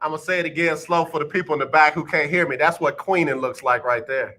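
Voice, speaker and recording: A man hosting a radio talk show, chatting casually and emphatically, rising loud when excited. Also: fairly high pitch, fast talker, few pauses.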